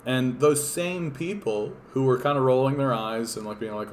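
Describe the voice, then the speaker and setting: A man's voice: medium pitch, normal speed, a little hiss or hum. A man from Canada hosting a political livestream, talking in a casual, rambling, profane and sardonic way with lots of fillers and restarts.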